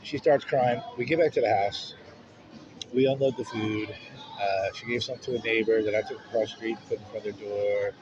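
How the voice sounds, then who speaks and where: A man's voice: on the low side, steady tone, brisk. A man telling a personal story in a casual, frank way, swearing freely. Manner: frank, profanity-laced. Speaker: vlogger. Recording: muffled, noisy street sound.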